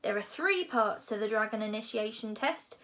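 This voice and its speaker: A woman voicing a huge, loud male Viking drill instructor who barks orders, as a storybook reading. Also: mid-range voice, lively intonation, normal speed, lightly acted. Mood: bellowing. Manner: bellowing, commanding.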